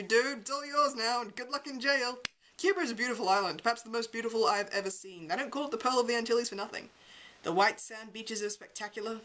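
A woman's voice: medium pitch, fairly bright tone, rough recording. A woman reading a memoir aloud as an amateur reader, with a wry, sardonic delivery.

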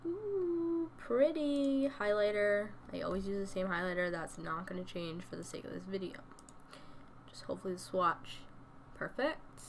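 A woman's voice: mid-range voice, normal speed, a little hiss or hum. A young woman giving casual gameplay commentary from home, chatty and thinking aloud, often dropping to a murmur. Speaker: gaming YouTuber.

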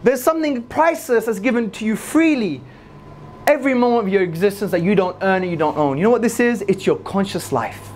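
A man giving an energetic religious lecture to a live audience, repeating key phrases for emphasis. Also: fairly quick, slight background noise. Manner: swings between loud high emphasis and low asides. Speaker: Islamic lecturer.

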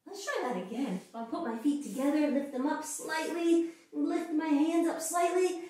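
A woman's voice: high-pitched, measured pace, hardly any pauses. A woman in her thirties leading a playful, sing-song yoga class for children. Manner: playful and animated, singing and making animal noises. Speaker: kids yoga teacher. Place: echoey room. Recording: very echoey room, voice far from mic.

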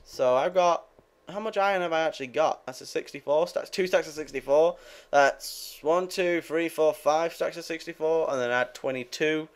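A young gaming video creator with a slightly high, clean-toned voice talks at normal speed while playing a game. His commentary is rambling and casual, full of swearing, and aimed at his viewers.

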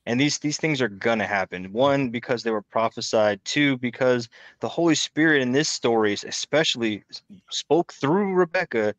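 Man, bible study co-host, measured, dry close sound. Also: medium pitch, animated, a bit bright, no room sound, highs cut off. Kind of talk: casual Bible study discussion.

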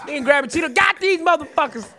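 Comedian co-host, Southern man, high-pitched and sharp, yells then mutters. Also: fast talker. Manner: animated, swings between yelling and mumbling, profane. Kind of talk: loud comedic riffing.

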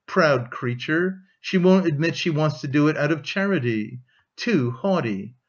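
A man reading an audiobook, voicing a bitter young man who speaks gravely and dryly. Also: on the high side, animated, measured pace, muffled recording. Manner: grave, dry, scornful.

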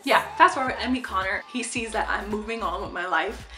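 A young woman in a casual storytime vlog, chatty and animated, swearing freely. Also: mid-range voice, fairly quick, roomy sound, faint music behind. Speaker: vlogger.

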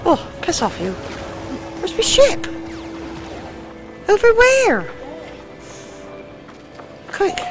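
A British woman gives excitable let's play commentary over game music, swearing and shrieking at the action. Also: very high voice, drawn-out words, pauses often. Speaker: gamer.

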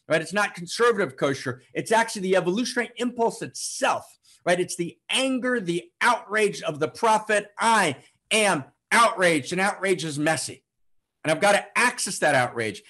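Impassioned husky-voiced male spiritual teacher. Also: high-pitched. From United States. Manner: emphatic, repeats phrases, swings from loud declarations to hushed tones. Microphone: online broadcast to a live chat.

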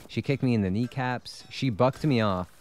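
A man's voice: medium pitch, normal speed, a little mellow, slight background noise. A man streaming a video game, chatting casually, laughing often and swearing freely. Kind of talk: casual gameplay chat.

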